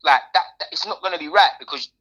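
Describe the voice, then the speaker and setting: A woman's voice: low voice, fast, pushed and bright. A woman co-hosting a podcast, chatting casually in slang and repeating words. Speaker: podcast co-host. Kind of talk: casual chat.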